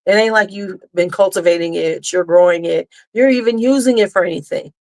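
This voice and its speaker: A woman who hosts a beauty channel runs a casual livestream, talking bluntly with some cursing and answering viewers' comments as they arrive. Her voice is on the low side, brisk, and darkish in tone.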